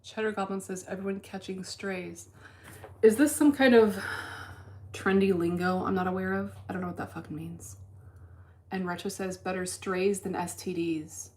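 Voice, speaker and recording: A woman hosting a casual livestream, reading chat aloud while day trading, blunt and deadpan with plenty of profanity. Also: fairly low pitch, moderate pace.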